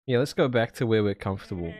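A man's voice: fast talker, no room sound, clean studio sound. A man streaming live, chatting casually into a desk mic with jokes, swearing and sudden playful voices. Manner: swearing, joking, lively shifts in pitch.

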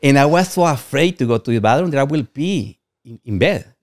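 A Guatemalan man appears as a podcast guest, candidly rambling through personal stories and often saying "you know what I mean." His mid-range voice is animated, a little fast and darkish in tone. The recording is dry, with clean studio sound.

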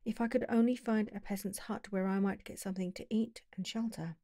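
A woman's voice: medium pitch, fairly even intonation, a little fast, warm tone, no room sound, studio quality, lightly acted. A woman reading the lines of a polite, somewhat awkward young male traveler in a plain, earnest way.

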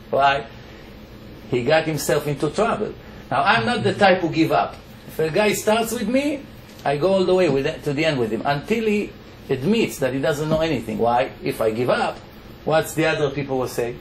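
A man's voice: a little high, lively intonation, moderate pace. A man with an Israeli accent, a rabbi giving a Torah lecture to a congregation, emphatic and firing off rhetorical questions that he answers himself. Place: lecture hall. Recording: echoey hall with faint background noise.

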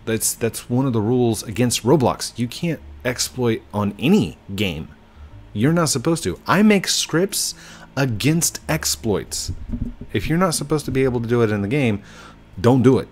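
A man's voice: medium pitch, expressive, normal speed, darkish tone. A man doing casual gameplay commentary, apologetic yet firm as he lectures players about rule breaking. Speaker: gaming YouTuber.

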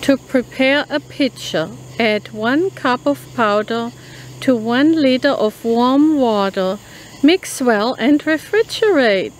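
A woman talks through a food review in a slow, unhurried, chatty way, sounding out label text carefully. Her voice sits a little high for a woman. She is recorded outdoors on a phone, with crickets and insects faintly heard behind her. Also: lively intonation, a little hiss or hum, rough recording. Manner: chatty, reads labels aloud slowly. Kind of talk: casual product review vlog. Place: outdoors in a rural yard at night.

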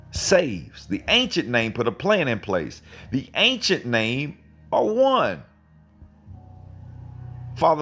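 A man's voice: fairly low pitch, fairly bright tone. A man giving an informal livestream Bible teaching, digressing and correcting himself as he fires off rhetorical questions.

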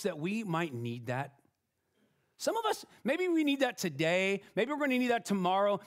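A man in middle age delivers a sermon from the pulpit, talking to the congregation like friends and tossing in "right?" as he goes. His voice sits high for a man and moves a lot in pitch. He restarts sentences often, laughing at his own faults. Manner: conversational, self-deprecating, frequent restarts and "right?". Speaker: pastor.

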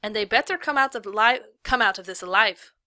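A woman voicing a short, fiercely protective female lawyer with a Mexican accent, speaking loudly and indignantly. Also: mid-range voice, fairly quick, dry recording, clean studio sound, lightly acted. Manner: loud, indignant, sharp.

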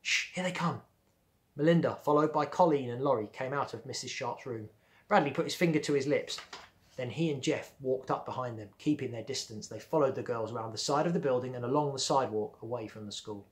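A male primary school teacher reads a children's book aloud at a medium pitch. His telling is steady and gentle. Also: fairly quick.

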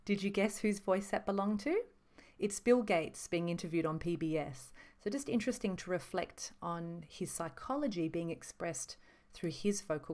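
Measured woman explaining voices. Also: lowish voice, darkish tone. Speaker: voice instructor. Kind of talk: reflective teaching monologue.

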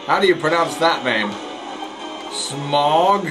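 A man's voice: fairly high pitch, lively intonation, takes it slowly, low-quality recording. Jokey man commenting on gameplay over game music. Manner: jokey, self-mocking, stumbling over words. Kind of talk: casual let's play commentary.

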